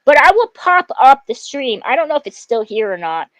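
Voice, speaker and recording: On a livestream, a woman furiously rants at a rival, peppering her speech with swear words, fillers and restarts. Her high-pitched voice is very animated at a normal speed. The recording is rough, with no room sound.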